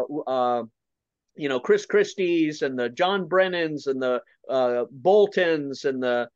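Male pundit, fiery and repetitive, slightly higher voice, dry muffled remote audio. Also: dry recording. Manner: forceful, repeats words, drops to low then rises. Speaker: political commentator guest. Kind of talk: opinionated political talk.

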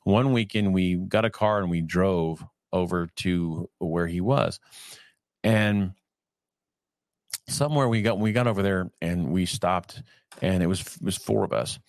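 Deep, gravelly man in his fifties from California; reads steadily, drifts into rambling asides; dry close sound. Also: no echo. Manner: reads evenly, then digresses in a halting conversational way. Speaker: reader and commentator. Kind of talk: reading aloud with personal asides.

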